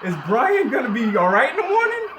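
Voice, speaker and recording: A man's voice: very high-pitched, wildly swooping pitch, a little fast. A man doing a first-time stand-up comedy set, rambling with lots of fillers and chuckling through his lines. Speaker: stand-up comic. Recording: echoey room with noise.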